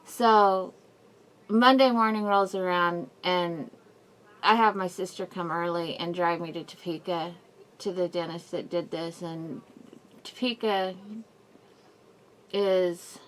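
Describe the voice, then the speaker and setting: A woman vlogging a personal update, rambling and apologetic, in pain and near tears. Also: mid-range voice. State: in mouth pain, crying at times. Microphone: camera mic, wearing a face mask.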